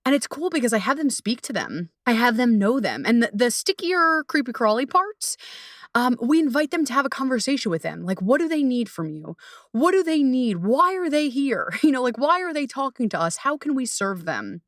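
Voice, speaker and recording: Animated swearing woman podcast host. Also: moderate pace, dry recording, clean studio sound. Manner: animated, swearing freely, laughing often, rising into high excited bursts. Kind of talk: casual solo podcast talk.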